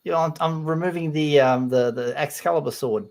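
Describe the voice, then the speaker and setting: A man's voice: fairly high pitch, normal speed, gravelly, a little mellow. A man chatting as a guest on a live stream over a video call, talking through his setup as he fiddles with it. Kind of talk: casual live-stream chat.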